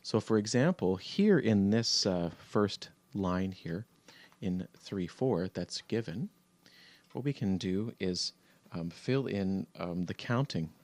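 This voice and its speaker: A man teaching a music theory lesson over a shared screen, relaxed and halting with many fillers, counting beats aloud. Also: low-pitched, dry recording.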